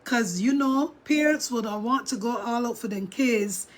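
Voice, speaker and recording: A woman's voice: fairly high pitch, moderate pace. A woman vlogger chatting casually to her viewers and reading out their chat as she reacts to a video. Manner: chatty, talks straight to viewers and reads chat. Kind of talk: casual livestream commentary.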